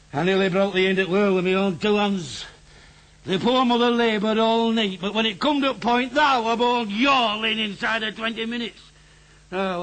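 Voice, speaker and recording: A man's voice: high voice, fairly bright tone, rough recording. An actor playing a drunken, grieving older father, rambling in dialect with thee and thou. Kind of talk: radio drama.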